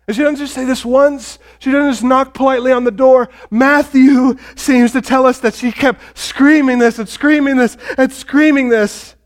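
A man's voice: extremely high pitch, steady tone, moderate pace, hardly any pauses. A male pastor preaching a sermon and retelling a story with drama, speaking directly to the congregation.

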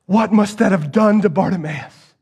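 High-voiced dramatic male preacher. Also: normal speed, breathy edge. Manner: dramatic storytelling, swings from hushed to shouting; rhetorical questions to the congregation. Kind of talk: sermon.

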